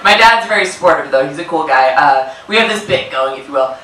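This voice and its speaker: A woman's voice: low voice, expressive, fairly quick. A young adult woman from Washington state doing a stand-up comedy set in a club, with dry punchlines and voices for the people in her stories. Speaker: stand-up comic. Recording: roomy club, distant mic, loud laughter. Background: loud audience laughter.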